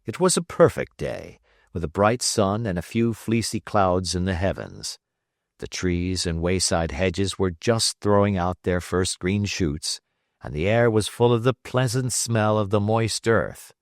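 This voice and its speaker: Male audiobook narrator, measured storytelling, expressive pitch, dry recording. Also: creaky, no echo. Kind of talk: scripted narration.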